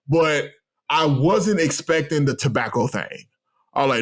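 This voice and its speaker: Animated man telling stories. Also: medium pitch, moderate pace. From Texas. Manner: animated, acts out his own remarks and others' lines in quotes. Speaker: guest, postdoctoral researcher. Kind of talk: casual storytelling interview.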